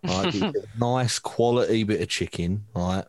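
A man's voice: fairly low pitch, normal speed, no echo. A man co-hosting a podcast in casual chat, laughing often and teasing his friends. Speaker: podcast co-host.

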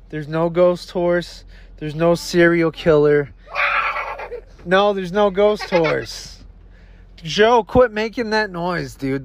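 A man hosting a goofy comedy podcast, excitable and full of slangy banter. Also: fairly high pitch, background noise. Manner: excitable, says dude and bro a lot. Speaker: host.

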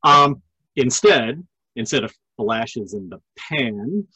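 A man's voice: medium pitch, lively intonation, slow pace, bright, forceful tone, slightly rough, no echo, low-quality recording. A middle-aged man hosting a podcast, chatting casually in a joking manner. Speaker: podcast host. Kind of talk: casual chat.

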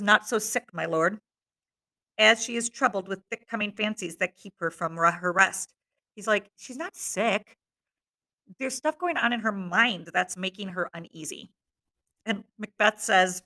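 Woman teacher reading a play to her class and chatting through it, bright voice, lots of ums. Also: mid-range voice. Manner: casual asides with fillers between dramatic readings. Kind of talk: reading a play aloud and explaining it to students.

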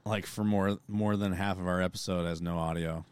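A man's voice: sits low, steady tone, fairly quick, clear, resonant tone. A young man co-hosting a casual podcast, telling stories in a laid-back, profane way. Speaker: podcast co-host. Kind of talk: casual chat.

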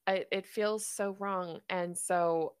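A woman's voice: medium pitch, fairly even intonation, takes it slowly, clean tone, dry recording, studio quality. A woman hosting a podcast in casual chat, rambling with fillers and laughing often. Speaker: podcast host.

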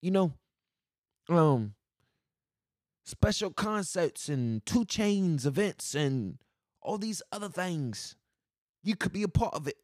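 A man putting on an exaggerated foreign accent, full of "mate", with a slow and over-emphatic delivery. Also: medium pitch, no room sound, studio quality, natural voice. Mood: hamming.

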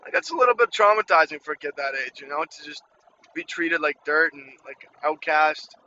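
A man's voice: fairly high pitch, animated, brisk, pushed and bright, muffled recording, slight background noise. A man from Ukraine telling a childhood story in a candid, rambling way, full of "you know" and "like". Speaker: storyteller sharing a childhood memory. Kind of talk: casual personal storytelling.

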